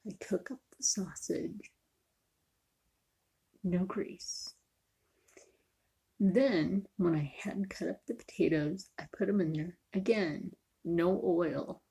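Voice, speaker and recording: A woman's voice: fairly low pitch, slow, pauses often, warm tone, slightly rough. A woman chatting casually in a cooking vlog, joking and often dropping to a near whisper. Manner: chatty, jokey, sometimes drops to a near whisper. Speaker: vlogger.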